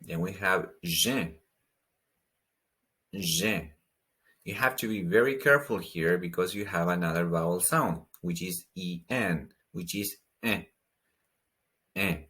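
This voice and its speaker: A man's voice: deep voice, normal speed, few pauses, sharp tone. A man teaching pronunciation in a patient way, saying each word twice and explaining the sounds. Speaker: language teacher. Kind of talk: slow pronunciation lesson.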